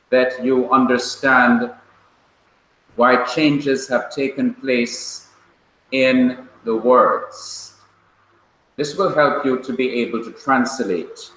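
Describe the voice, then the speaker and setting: The speaker is a male Hebrew teacher with a medium-pitched, slightly bright voice, patiently drilling pronunciation and calling on students by name during a classroom lesson. The audio is distant and echoey, with a little faint noise.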